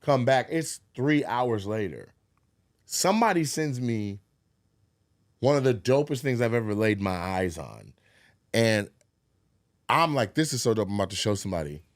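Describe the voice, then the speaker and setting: A man's voice: mid-range voice, normal speed, pauses often, dry recording, clean studio sound. Profane storytelling podcast man. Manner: animated, acts out quotes, profane. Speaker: podcast co-host. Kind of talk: casual storytelling chat.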